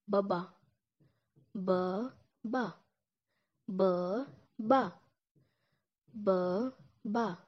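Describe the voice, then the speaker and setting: Slow, patient woman teaching words. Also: mid-range voice. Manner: repeats each word slowly, syllable by syllable. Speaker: language teacher. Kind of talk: slow, drilled language lesson. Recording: dull lo-fi recording.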